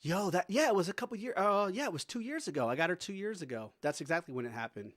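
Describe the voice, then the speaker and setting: A man's voice: high-pitched, animated, fast, a bit bright, dry recording, clean studio sound. A man streaming live, chatting casually with his viewers, laughing often and talking to his dog between stories.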